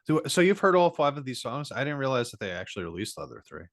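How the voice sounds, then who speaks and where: A man with a New Jersey accent talks in a laid-back, casual way as a podcast co-host. His voice sits at a middle pitch. The recording is close and dry. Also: very animated, fast, a bit bright, no room sound. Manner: laid-back, says "bro". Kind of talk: casual chat.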